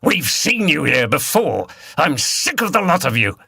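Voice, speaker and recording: A man playing a burly, bearded countryman beater who speaks gruffly and threateningly. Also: a little high, very animated, measured pace, bright, forceful tone, no room sound, studio quality, pitched above the performer's own voice, heavily acted. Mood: menacing.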